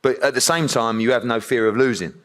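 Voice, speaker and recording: A man's voice: medium pitch, fairly quick, a bit bright. A man interviewing at a press conference, asking long, rambling questions with many restarts.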